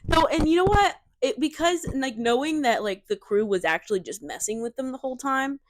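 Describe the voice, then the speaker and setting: Animated young woman podcast co-host. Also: sits high, fairly quick. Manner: animated, emphatic, lots of fillers. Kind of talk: casual chat. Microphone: cheap desk mic.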